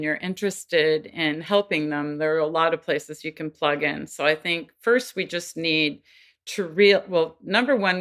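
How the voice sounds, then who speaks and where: A woman appears as a guest expert on child development in a podcast interview, explaining things earnestly and now and then acting out quoted voices. Her voice is deep, with a fairly bright tone.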